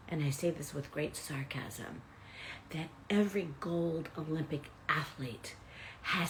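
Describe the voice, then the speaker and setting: A woman's voice: sits low, unhurried, slight background noise. A woman hosting a live motivational self-help talk, chatting directly with her viewers. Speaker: host and self-help coach.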